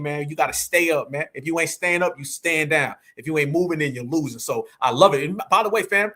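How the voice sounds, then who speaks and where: A loud, animated middle-aged man talks fast and high in his range. He hosts an online commentary show in a bright, forceful voice. His delivery is slangy and full of energy. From United States.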